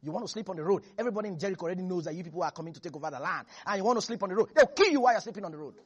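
A preacher delivering a lively sermon to a congregation, laughing often and acting out Bible characters in different voices. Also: medium pitch, racing, slightly rough. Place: church with a congregation.

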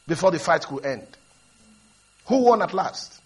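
A man preaching a sermon, leading the congregation to repeat his lines and building up to shouted emphasis as he tells stories. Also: high voice, big pitch swings, moderate pace, breathy edge. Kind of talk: sermon with call-and-response.

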